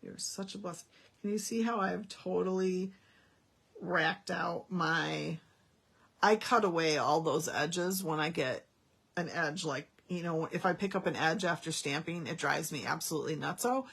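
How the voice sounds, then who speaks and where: Gravelly-voiced woman demoing card-making. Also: on the low side, a little slow, fairly bright tone. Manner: chatty, folksy, thinking aloud. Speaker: Stampin' Up demonstrator. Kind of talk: casual card-making demo.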